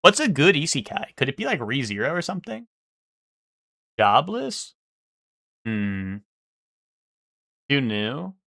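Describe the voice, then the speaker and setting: A man's voice: medium pitch, very animated, takes it slowly, vocal fry, long pauses, a bit bright, no echo, clean studio sound. A young man streaming live, thinking aloud and guessing in casual, swearing chatter.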